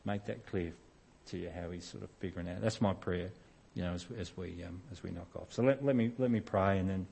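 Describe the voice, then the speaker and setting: A middle-aged man preaches in a relaxed, conversational way, telling stories against himself and often restarting mid-sentence. His voice sits fairly low. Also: a little fast, gravelly, few pauses, breathy edge. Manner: informal, self-deprecating storytelling with frequent restarts. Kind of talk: sermon.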